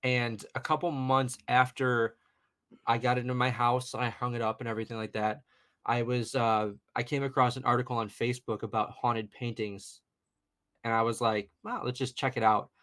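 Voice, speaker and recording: A man's voice: medium pitch, little pitch movement, moderate pace, fairly bright tone. A young man in his twenties, a guest paranormal investigator, telling a personal story casually on a podcast, rambling with many fillers. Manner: chatty, rambling, lots of fillers and "you know".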